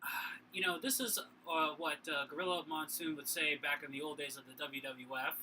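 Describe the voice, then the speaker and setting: A man's voice: a little high, fairly even intonation, fairly quick, bright, forceful tone, a little hiss or hum, rough recording. A tipsy man with a Boston accent co-hosting a casual sports talk show, rambling with many fillers and restarts. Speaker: podcast co-host.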